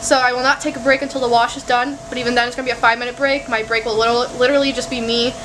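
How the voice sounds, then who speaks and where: A young woman talks straight to camera from home in a casual reading vlog, candid and a little exasperated, with plenty of swearing. Her voice sits high. A faint hum from the air conditioner runs underneath. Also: level tone, very fast, a bit bright. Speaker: book vlogger. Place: home, indoors.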